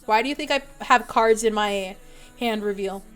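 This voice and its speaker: A woman's voice: mid-range voice, moderate pace, faint music behind. A young woman streamer chatting casually with her viewers, rambling with lots of fillers and giggles. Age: young adult.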